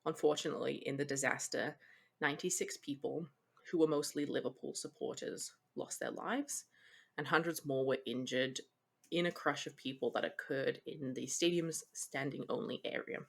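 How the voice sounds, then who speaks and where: Low husky woman co-hosting a podcast. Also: normal speed. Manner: chatty, laughs often, slips into explaining. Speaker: podcast co-host. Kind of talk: casual chat.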